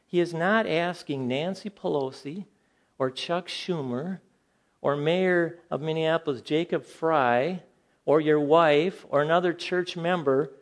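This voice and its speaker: The clip features an older man's casual sermon to a Bible class, full of animated storytelling, with his voice lifting in pitch at incredulous moments and dropping low and soft for asides.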